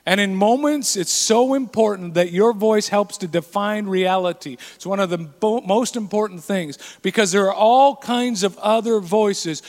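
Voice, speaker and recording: High-voiced man preaching in a reverberant hall. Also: normal speed, hardly any pauses, darkish tone. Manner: earnest, emphatic preaching with acted quotes. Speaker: pastor. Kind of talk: sermon.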